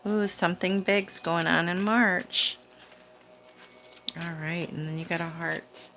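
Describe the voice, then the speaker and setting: A woman hosting her own channel, giving a casual, chatty spiritual card reading to camera in a slow, soothing way. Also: fairly low pitch, fairly even intonation, pushed and bright, soft background music. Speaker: tarot reader, channel host.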